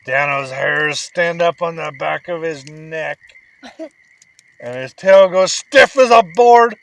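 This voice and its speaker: A man telling his child a playful, animated bedtime story and chatting through a camping vlog outdoors at a lakeside campsite. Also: fairly high pitch, slow pace, gravelly, noisy background. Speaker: father and vlog host.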